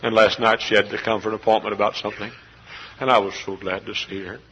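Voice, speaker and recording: A middle-aged man preaching a sermon as a pastor, swinging from hushed confiding to shouted outbursts. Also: on the low side, little pitch movement, fast, muffled recording, slight background noise. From Texas. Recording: live church service recording.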